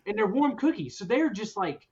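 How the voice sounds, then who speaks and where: A man hosting a podcast, telling a story in a casual chat, animated and often laughing as he goes. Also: sits high, normal speed. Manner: animated, laughs through his own story. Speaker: podcast host. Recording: dull lo-fi recording.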